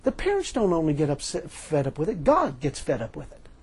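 A man's voice: a little high, wildly swooping pitch, fairly quick, a little mellow, husky. A middle-aged man preaching a sermon, telling folksy stories with emphatic lines and frequent laughter. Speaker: pastor.

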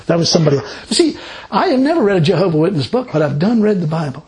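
A high-pitched man preaches in a casual, rambling way. He tells his own stories and keeps them animated, and he often laughs between lines. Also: very fast, noisy background. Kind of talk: informal sermon with personal stories.

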